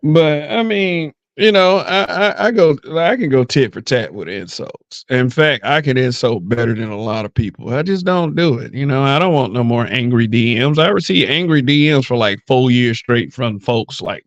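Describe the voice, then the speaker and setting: A man's voice: medium pitch, expressive, normal speed, hardly any pauses, no echo, dull audio. A man hosting a podcast in casual chat, blunt and profane, often mimicking other people's voices. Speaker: podcast host.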